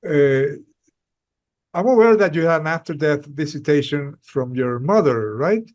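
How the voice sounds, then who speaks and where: A man's voice: on the high side, animated, unhurried, a little mellow. A man hosting a podcast interview, asking brief, polite questions with hesitant fillers. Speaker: podcast host. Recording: dull, lo-fi audio.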